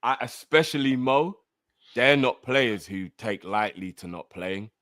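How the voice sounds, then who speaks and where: A man's voice: medium pitch, animated, unhurried, a bit bright, no echo, studio quality. A man co-hosting a casual football podcast, rambling and trailing off in slangy talk. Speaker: co-host.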